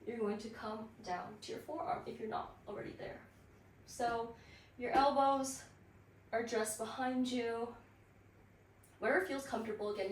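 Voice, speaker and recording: Woman pilates instructor, slightly high voice, breathless, far from the mic in an echoey room with faint background noise. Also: a little mellow. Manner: slow counting cues with light laughs. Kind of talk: guided workout class. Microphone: built-in device mic.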